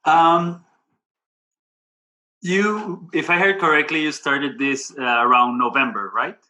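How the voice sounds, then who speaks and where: A man's voice: a little high, steady tone, slow pace, pushed and bright. A man in the audience asking a question, stopping and rephrasing as he searches for the right words. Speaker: audience member.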